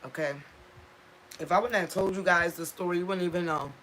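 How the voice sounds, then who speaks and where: A woman's voice: fairly low pitch, a little fast, a bit bright, a little hiss or hum. A woman speaking on a live stream from home, raw and impassioned, repeating herself for emphasis and stopping to thank viewers. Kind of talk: emotional casual live-stream talk.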